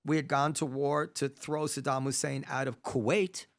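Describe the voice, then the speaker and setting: A man hosting a casual conversational interview, animated, thinking aloud with frequent restarts. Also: medium pitch, moderate pace. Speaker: podcast host. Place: New York.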